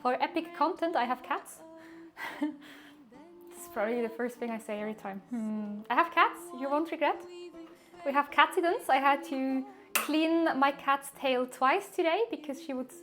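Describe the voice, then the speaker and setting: A woman's voice: high-pitched, a little slow, long pauses, a bit bright, soft background music. A woman from Switzerland, chatting casually and rambling to her live-stream viewers, often laughing at herself.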